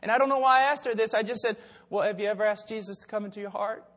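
An older man preaching, telling stories in a low, hushed voice, then building to loud, shouted exhortation. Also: rapid-fire, long reverb tail. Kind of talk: sermon with storytelling.

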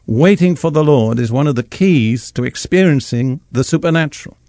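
A man preaching a radio sermon, reading scripture slowly and with measured emphasis. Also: medium pitch, animated, darkish tone, no room sound, studio quality.

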